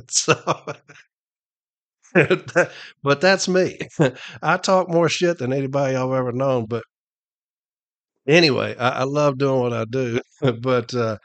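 A man's voice: mid-range voice, unhurried, long pauses. Brash man telling stories. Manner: brash, profane, laughs at his own stories. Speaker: union advocate and podcast guest. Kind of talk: casual storytelling.

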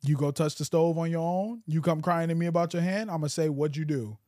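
A young man co-hosting a podcast, chatting loosely and profanely and telling animated stories. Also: on the high side, fast talker, no echo, studio quality. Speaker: podcast co-host. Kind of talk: casual chat.

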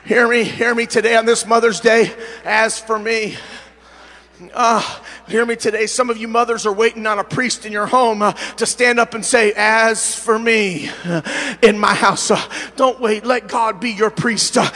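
A middle-aged man preaching a sermon as pastor, swinging from fervent shouting to quieter, conversational talk. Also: high voice, steady tone, measured pace, in a large hall. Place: church sanctuary, at the pulpit.

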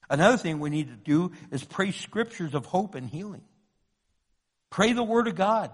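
Impassioned high-voiced male preacher. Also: expressive, moderate pace, big-room sound. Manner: impassioned, swings between loud pleading and hushed tones. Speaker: pastor. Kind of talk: sermon.

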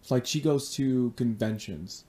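A man co-hosting a podcast, telling stories in casual chat with halting restarts. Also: medium pitch, mellow, breathy edge. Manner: halting, repeats words and restarts. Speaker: podcast co-host.

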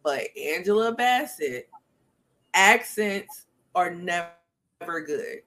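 This podcast host keeps things casual and chatty, talking frankly, laughing a lot and using plenty of ums. Her voice is on the low side and a bit bright, with lively intonation, and she takes her time.

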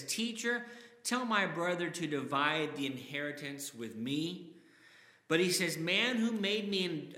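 A man's voice: fairly high pitch, pushed and bright. A man preaching a sermon, reading scripture aloud with dramatic emphasis. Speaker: pastor. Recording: echoey hall with long reverb.

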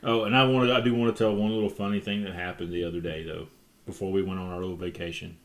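Middle-aged man, podcast co-host, lively storyteller who laughs easily. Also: deep voice, quick pace. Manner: animated storyteller, laughs often. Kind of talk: casual family chat.

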